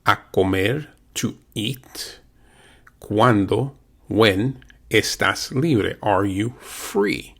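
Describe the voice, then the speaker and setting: A man leads a language lesson, saying each word slowly and repeating it for listeners to copy. His voice sits a little low and has a gravelly, creaky texture. He keeps an unhurried, patient pace. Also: expressive, a bit bright. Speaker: language teacher.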